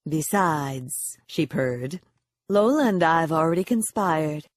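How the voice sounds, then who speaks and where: A woman doing a poised, mildly hoarse psychologist. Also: low voice, animated, takes it slowly, dry recording, clean studio sound, exaggerated voice. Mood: sly. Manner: self-assured, smiling, purring. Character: confident thirty-something female psychologist, poised and playful.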